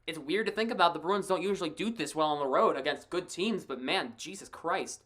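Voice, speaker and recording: A woman giving casual live play-by-play of a hockey game as a fan commentator, excitable and quick to laugh, with chatty asides to a co-host. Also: on the low side.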